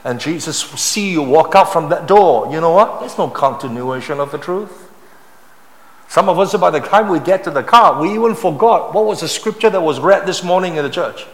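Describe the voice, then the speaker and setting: A middle-aged man with a Malaysian English accent, preaching a sermon as pastor, stressing phrases by repeating them and moving between loud and hushed delivery. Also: a little high, lively intonation, normal speed. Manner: emphatic preaching, repeating key phrases and swinging from loud to soft. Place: large church hall. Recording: echoey church hall with long reverb.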